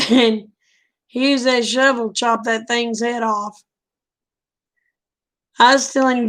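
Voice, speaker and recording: A middle-aged woman, telling a folksy story in a casual, animated way and acting out the quoted dialogue. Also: a little high, slow, long pauses. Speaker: vlogger telling stories.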